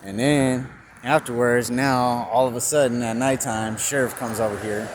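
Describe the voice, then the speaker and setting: A vlogger from California stands outside in a store parking lot, telling his phone camera a story in a relaxed way, voicing both parties and cursing casually. He speaks at normal speed with a medium-pitched, fairly even voice, and traffic noise runs through the recording.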